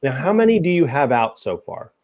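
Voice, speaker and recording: A man's voice: on the high side, big pitch swings, brisk, a little mellow. Easygoing middle-aged man hosting a live chat. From Tennessee, US. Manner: easygoing, chatty, laughs often. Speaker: host. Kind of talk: casual livestream chat.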